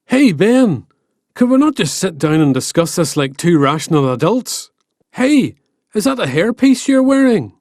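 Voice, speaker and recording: A man voicing a brash male Irish giant in an animated storybook, shouting insults across the sea. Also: high-pitched, unhurried, dry recording, studio quality, voice pushed up, exaggerated voice. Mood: mocking. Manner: shouting taunts.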